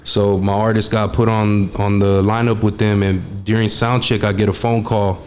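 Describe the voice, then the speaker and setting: A man's voice: fairly low pitch, flat delivery, normal speed, darkish tone, a little hiss or hum. A young man, telling stories as a guest in a casual interview, laid-back and streetwise, swearing freely and using many fillers. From Texas. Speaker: guest, studio engineer.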